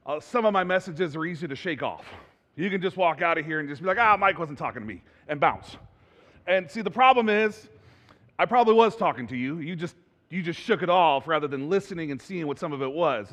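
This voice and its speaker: Animated preaching pastor in an echoing hall. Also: male voice, fairly high pitch. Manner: animated, conversational preaching with rising emphasis. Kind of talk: sermon. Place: church sanctuary. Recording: reverberant church hall.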